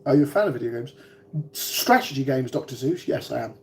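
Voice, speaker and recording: A man's voice: mid-range voice, expressive, brisk, creaky, darkish tone, slight background noise. A man in his forties with a British accent, chatting casually with viewers on a livestream, rambling and hesitant with many ums and restarts. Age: 40s. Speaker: vlogger.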